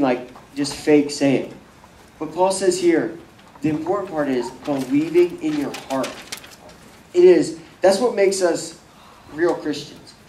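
A young youth bible teacher runs a casual bible study in a mellow, dark voice that sits on the high side. He talks loosely, using fillers and acting out quotes. He is far from the mic in an echoey room, with faint ambience and slight background noise.

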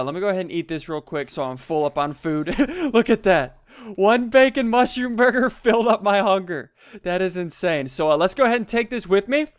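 A young man giving excitable, jumpy gameplay commentary, laughing often and yelping when startled. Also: sits high, clear, resonant tone. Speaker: gaming YouTuber. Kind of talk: Let's Play commentary.

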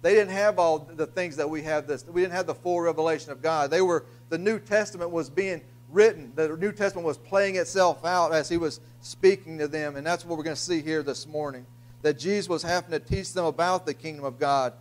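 Pastor, slightly raised pitch, halting sermon delivery with restarts and fillers. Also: male voice. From Louisiana, US. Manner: halting, repeats words, frequent uh fillers. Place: church sanctuary.

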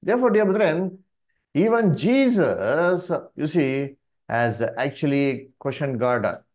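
A man with an Indian English accent teaching a Bible study in a sermon style, speaking haltingly with many fillers and calling the listeners "dear brethren". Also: on the high side, lively intonation, darkish tone. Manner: slow, halting delivery with many "uh" and "you see" fillers.

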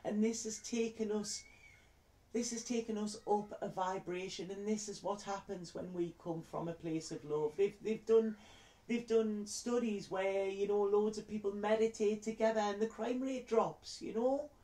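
A woman's voice: mid-range voice, steady tone, moderate pace, warm tone, reverberant. A woman, a tarot reader telling a heartfelt story to camera in a chatty way. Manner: heartfelt, chatty, repeats words.

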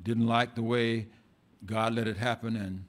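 A male pastor preaching an impassioned sermon in a church, swinging between loud outbursts and hushed asides and often repeating words. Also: medium pitch, steady tone, measured pace.

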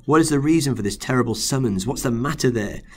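A man's voice: medium pitch, quick pace, darkish tone, husky, voice pushed up, close to an everyday voice. A man reading aloud as an indignant older nobleman, a father roused from sleep who demands answers.

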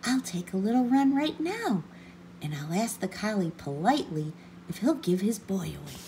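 A woman's voice: medium pitch, big pitch swings, moderate pace, mellow, a little hiss or hum. A woman voicing an eager, polite little male puppy in a storybook reading. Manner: hopeful, polite, chatty.

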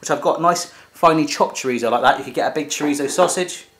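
In a home kitchen, a cooking show host from England keeps things jokey and chatty, addressing the food while he cooks. He speaks quickly, with a voice on the high side and a fairly bright tone.

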